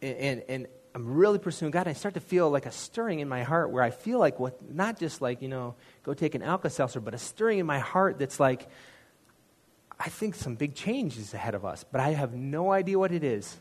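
A man's voice: fairly high pitch, animated, fairly quick. A man giving a personal testimony in a sermon, telling the story in an earnest, conversational way with self-deprecating asides. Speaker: church speaker sharing a testimony.

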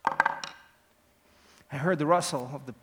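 A man preaching a dramatic first-person story, swinging from hushed to loud. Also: a little high, takes it slowly, big-room sound, heavy background noise.

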